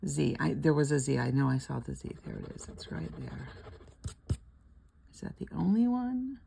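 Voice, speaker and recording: Gravelly low-voiced older woman chatting. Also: wildly swooping pitch, normal speed, dark tone, slight background noise. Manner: chatty and rambling, laughs often, murmurs letters half under her breath. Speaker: scratch-off lottery vlogger. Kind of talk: casual chat while scratching tickets.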